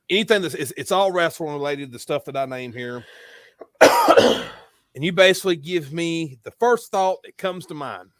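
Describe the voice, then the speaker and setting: A man hosting a casual podcast interview, relaxed and rambling, who laughs and curses freely. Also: a little high, no echo, studio quality. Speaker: podcast host.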